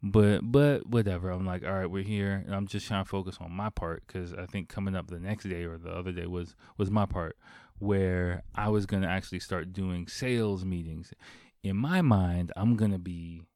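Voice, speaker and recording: A man's voice: sits low, moderate pace, no echo, clean studio sound. A man telling a rambling, profane anecdote in a casual way, acting out the other people's lines. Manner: profane, animated anecdote with acted-out quotes. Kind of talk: casual storytelling.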